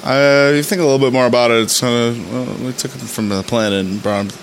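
A man hosting his podcast, talking casually and excitedly about an episode, rambling with frequent laughs while saying he is tired. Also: mid-range voice, fast, slight background noise, low-quality recording. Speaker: podcast host. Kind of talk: casual episode reaction commentary.

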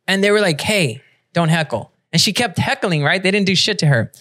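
Profane, animated man telling a story. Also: high voice, a little fast. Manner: animated, profane storyteller who laughs through his stories. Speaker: podcast host. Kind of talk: casual podcast chat, storytelling.

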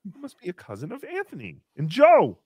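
A man's voice: sits high, huge pitch swings, fairly quick, darkish tone, slightly rough, no room sound, studio quality, full character voice. A man voicing a small, crude, giggly green puppet creature who hosts a comedy stream, reads out donations and talks about himself in the third person. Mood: cheeky. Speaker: puppet host reading donations. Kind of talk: comedy livestream puppet act.

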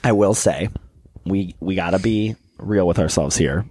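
A young man co-hosting a podcast in casual chat, animated and quick to mimic other people in high voices. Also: dry recording. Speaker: podcast co-host.

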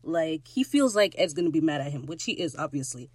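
A woman hosting a podcast, recapping a TV episode in casual chat, excitable and gushing, jumping loud and high when thrilled. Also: fairly quick, no room sound, rough recording. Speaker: podcast host.

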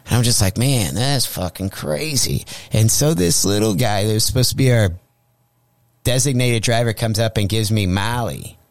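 Low-voiced man telling a wild story. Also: moderate pace, no echo. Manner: animated, acts out quoted voices. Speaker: comedian guest. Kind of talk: profane comic storytelling. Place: radio studio.

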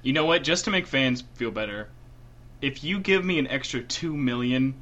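A man's voice: mid-range voice, animated, moderate pace, fairly bright tone, dull audio. A man co-hosting a podcast in casual chat, riffing with jokey, exaggerated bits. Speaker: podcast co-host.

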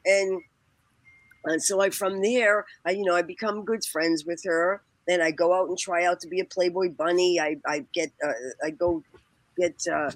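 A woman's voice: lowish voice, steady tone, moderate pace, dry recording, rough recording. A woman telling a long personal story in casual conversation, laughing often and quoting people, with many fillers and restarts. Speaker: guest.

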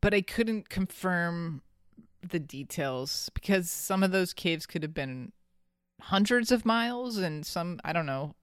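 A podcast host recounts a story in casual chat, animated and often laughing. The voice is smooth and clear, recorded dry and close. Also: medium pitch, measured pace, dry recording.

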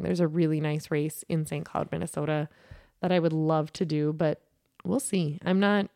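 A woman's voice: low-pitched, fairly even intonation, moderate pace, gravelly, a little mellow, dry recording, studio quality. A woman in her thirties, a podcast host, telling a personal story about grief in an earnest, rambling way with many fillers and restarts.

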